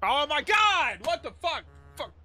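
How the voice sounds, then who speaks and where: Game streamer, male, high animated delivery, cursing and yelping at the game. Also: a little slow. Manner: excitable, swears a lot, sudden yelps. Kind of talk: live gameplay commentary.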